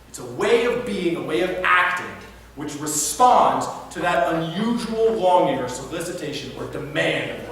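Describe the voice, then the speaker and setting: Animated man lecturing in an echoey hall. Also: on the high side. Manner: animated, checks in with audience often. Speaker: philosophy professor. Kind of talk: live lecture. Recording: echoey hall, distant mic, faint noise.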